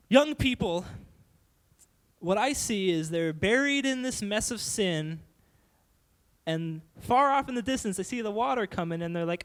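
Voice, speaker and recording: Young man, youth pastor, high voice, animated, playful sermon.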